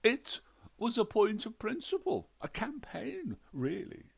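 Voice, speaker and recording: Narrator voicing a fussy pompous widower, high-pitched and gravelly. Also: male voice, huge pitch swings, takes it slowly, full character voice. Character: fussy, prim, pompous middle-aged widower.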